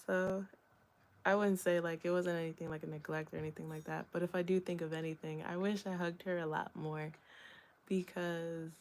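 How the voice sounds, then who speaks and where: A young woman talking candidly in a reflective solo vlog, rambling with many fillers and soft laughs. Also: lowish voice, flat delivery, normal speed. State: hiccups. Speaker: vlogger.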